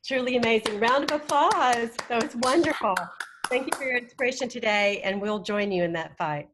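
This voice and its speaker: A woman's voice: on the high side, a little fast. A woman moderating a webinar on a video call, giving brief, upbeat thanks and prompts. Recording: noisy video call line.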